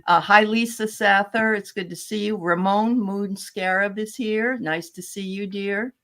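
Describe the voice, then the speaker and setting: A woman's voice: mid-range voice, steady tone, a little slow, fairly bright tone. A chatty woman hosts a casual livestream and greets viewers by name. She talks in a loose, meandering way, with plenty of ums and uhs. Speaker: host.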